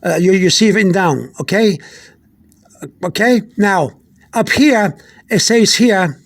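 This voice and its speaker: Man, high voice, halting teacher, lots of "uh" and repeats, informal lesson. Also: expressive. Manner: halting, repeats words, many fillers. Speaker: language teacher. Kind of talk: casual explanatory lesson.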